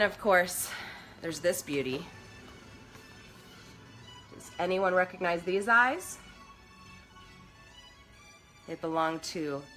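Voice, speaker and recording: A woman's voice: on the low side, sharp tone. Bubbly, chatty woman streaming live. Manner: chatty and bubbly, talks to viewers. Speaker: makeup livestream host. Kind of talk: casual live makeup stream. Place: at home.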